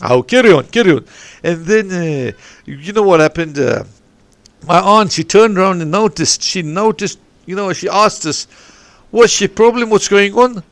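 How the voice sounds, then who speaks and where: A man's voice: sits high, animated, moderate pace, fairly bright tone, dry recording. A man coaching a sports academy, telling a long meandering story on a podcast with many restarts and digressions. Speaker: football and rugby coach. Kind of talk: rambling anecdotal podcast chat. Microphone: podcast microphone.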